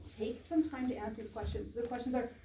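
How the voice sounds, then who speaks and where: A woman's voice: fairly high pitch, fairly even intonation, fast. Woman presenter heard from across a room. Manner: organized, clarifying, encouraging. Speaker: workshop presenter. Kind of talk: guiding a group through questions. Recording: echoey room with noise, from far off.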